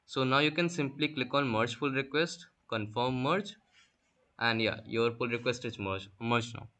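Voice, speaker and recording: A young man gives a screen-recorded coding lesson, explaining each step plainly. His voice is bright and a little tense, at a middling pitch. He leans on fillers as he works through the example. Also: normal speed. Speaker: workshop instructor.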